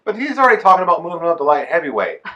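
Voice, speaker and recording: Animated, bright-voiced man talking boxing. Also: a little high, rapid-fire, lo-fi sound. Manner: animated, emphatic opinions. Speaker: co-host. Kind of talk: casual boxing chat. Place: Texas.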